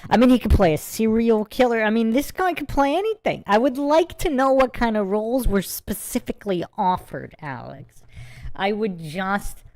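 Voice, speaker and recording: A woman's voice: fairly high pitch, expressive, moderate pace, darkish tone, no room sound. A woman hosting a live Q&A stream, commenting in a casual, amused and mocking way. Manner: amused, mocking, laughing asides. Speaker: livestream host.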